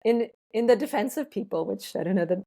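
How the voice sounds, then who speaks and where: A woman's voice: medium pitch, expressive, a little fast, gravelly, mellow. A woman guest in a casual interview, explaining ideas thoughtfully and laughing lightly between points. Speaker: ethnobotanist guest.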